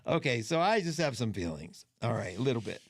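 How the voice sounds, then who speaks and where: A middle-aged man hosting an astrology livestream. His delivery is chatty and loose, emotional and quick to give an opinion. His voice sits at an ordinary pitch for a man. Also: sing-song. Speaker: astrology show host. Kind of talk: casual livestream talk.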